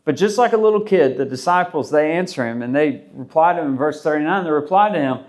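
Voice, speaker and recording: A pastor gives a sermon in a relaxed, conversational manner, acting out the voices of the people he quotes. His voice is fairly high, and he talks quickly with few pauses.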